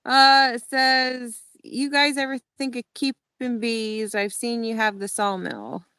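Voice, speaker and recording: A woman co-hosting a casual chat, reading viewer comments aloud in a relaxed, easygoing way. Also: on the high side, slow, clear, resonant tone, no room sound.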